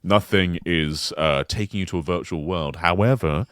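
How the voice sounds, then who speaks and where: A man co-hosting a podcast in casual chat, pitching an imagined game console like an animated storyteller. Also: moderate pace, smooth, dry recording, clean studio sound. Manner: animated storyteller who slips into silly voices. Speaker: podcast co-host.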